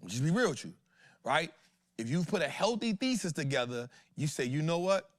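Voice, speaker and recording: A man's voice: a little high, big pitch swings, moderate pace, no echo, studio quality. Slangy, emphatic man hosting a market show. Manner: slangy, emphatic, repeats rhetorical questions to the audience. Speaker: host of an investing show. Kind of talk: casual livestream market talk.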